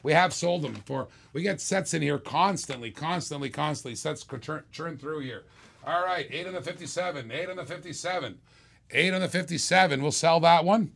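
A man hosting a live-streamed toy car auction, calling bids in quick repeated bursts with chatty asides to viewers. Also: fairly high pitch, vocal fry, a bit bright. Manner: rapid repetitive bid calling, chatty asides. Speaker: auctioneer host.

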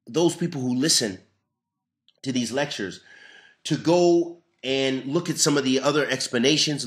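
A man's voice: medium pitch, fairly bright tone, echoey room. A man teaching a religious lesson, reading a text and explaining it in an earnest, emphatic way. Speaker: Islamic lecturer.

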